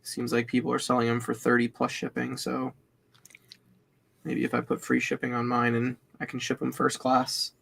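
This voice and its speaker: A man's voice: mid-range voice, completely flat delivery, moderate pace, gravelly, fairly bright tone. A man co-hosting a live reselling stream, talking in a laid-back way while checking his listings. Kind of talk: casual livestream chat.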